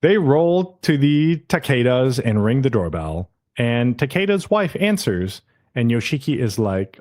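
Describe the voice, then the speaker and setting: A man in casual podcast talk, walking through an anime episode scene by scene and slipping into quick character voices along the way. His voice sits at an ordinary middle pitch, recorded close and dry with no room sound. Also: very animated, a little mellow, no echo. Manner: retells scenes, briefly putting on the characters' voices. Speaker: podcast co-host. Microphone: podcast mic.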